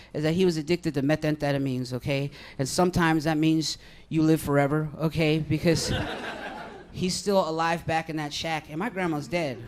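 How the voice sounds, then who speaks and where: High-voiced young man doing stand-up. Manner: rambling, deadpan storytelling with crude asides. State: high on edibles. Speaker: stand-up comedian. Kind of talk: stand-up comedy set. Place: comedy club stage.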